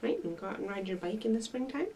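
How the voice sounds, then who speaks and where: Lively woman reading story time, big pitch swings, mic set back. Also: fast talker, far from the mic, slight background noise, poor audio. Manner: bright, sing-song, animated. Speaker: children's librarian.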